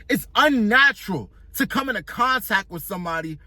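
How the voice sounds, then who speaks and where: A man's voice: sits high, expressive, a little fast, pushed and bright, dry recording. A young man giving a casual motivational monologue, blunt and profane, talking in slang and working through a long analogy. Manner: explains with an extended analogy. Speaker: self-improvement vlogger.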